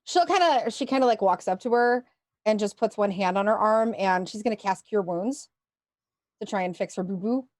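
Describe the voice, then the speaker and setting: A woman's voice: medium pitch, moderate pace, a little mellow, no room sound. A woman playing in a tabletop game, chatty and full of fillers. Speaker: player.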